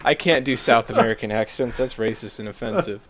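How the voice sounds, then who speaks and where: A young man co-hosting a casual podcast, joking and quick to apologize for himself. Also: mid-range voice, crowd noise. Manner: joking, self-deprecating. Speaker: podcast co-host.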